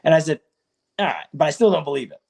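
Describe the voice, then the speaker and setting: A man in his thirties, a wrestler guest in a casual interview, telling stories with lively quoted back-and-forth. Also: on the high side, fast, vocal fry. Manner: animated storyteller, acts out quoted exchanges.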